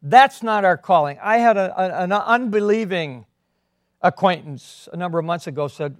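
A man preaching a sermon as a pastor, earnest, swinging between emphatic and quiet delivery. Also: high-pitched, expressive, normal speed, no room sound, clean studio sound.

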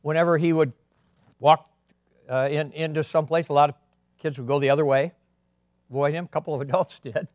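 A man preaching a sermon as a pastor, earnest, swinging between emphatic and quiet delivery. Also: a little high, steady tone, a little fast, pauses often, no room sound.

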